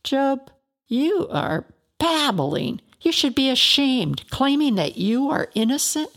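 A woman reading a harsh, scolding friend in a storybook, slow and condemning. A gravelly fry edges the voice. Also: medium pitch, expressive, heavily acted.

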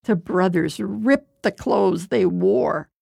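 A woman narrating a scripted story with slow, deliberate reading. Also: medium pitch, vocal fry, a little mellow, husky, no room sound, studio quality.

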